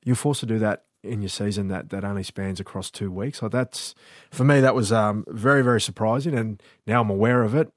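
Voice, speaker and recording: A man's voice: lowish voice, a little fast, hardly any pauses, no room sound, studio quality. A man hosting a casual radio sports chat, easygoing and laughing now and then. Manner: easygoing, laughs while talking. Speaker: host.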